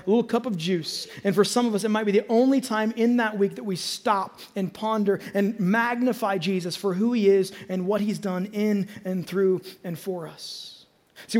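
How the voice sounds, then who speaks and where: A man preaching a sermon to his congregation, energetic, asking the crowd rhetorical questions and building to emphatic peaks. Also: high-pitched, in a large hall. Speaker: pastor. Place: church hall with congregation.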